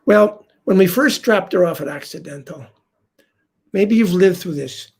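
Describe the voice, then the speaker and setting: Gravelly older man telling a true story. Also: sits high, measured pace. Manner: heartfelt, confiding, drops to a hush for quoted lines. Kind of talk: first-person stage storytelling.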